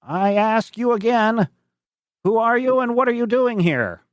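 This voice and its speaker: A man voicing a thin, suspicious old male farmer in a tabletop game, blunt and gruff. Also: animated, unhurried, no echo, studio quality. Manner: high strained put-on voice, blunt.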